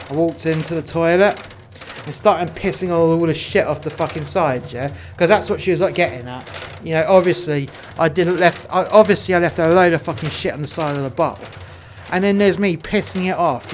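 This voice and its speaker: A man's voice: on the high side, a little hiss or hum. A man in casual game role-play chat, crude and heavily profane, rambling through stories as he goes. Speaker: player in prison role-play.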